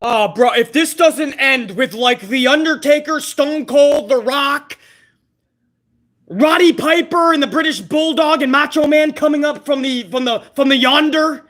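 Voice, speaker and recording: Man, live reaction host, exasperated profane ranting, very high voice. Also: measured pace, a bit bright.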